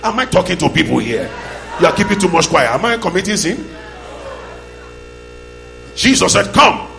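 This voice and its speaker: Male pastor, raised gravelly voice, call-and-response sermon, music underneath. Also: sits high, big pitch swings, quick pace, rough recording. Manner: call-and-response, shouting bursts. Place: church hall. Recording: loud music and mains hum behind.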